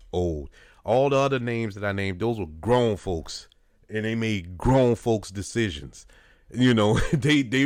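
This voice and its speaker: Speaking from a dry studio without echo, this earnest New Orleans radio host has a voice on the low side. His casual commentary is conversational and heavy with filler words.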